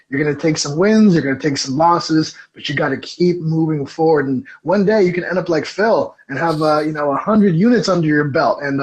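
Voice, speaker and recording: A man with a fairly high voice hosts a casual podcast interview. He talks in an upbeat, encouraging tone and chats with his guest like an old friend. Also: low-quality recording. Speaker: podcast host.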